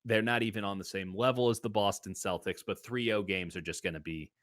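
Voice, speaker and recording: The host of a sports betting show speaks briskly in a fairly low, fairly bright voice, recorded at studio quality without echo. He shares his picks casually, playing them up with exaggerated humor.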